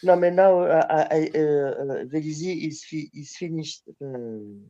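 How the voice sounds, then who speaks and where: A man, speaking haltingly in a casual group chat over a video call. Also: fairly high pitch, warm tone, dry recording, highs cut off. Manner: hesitant, halting. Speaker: guest in a live chat.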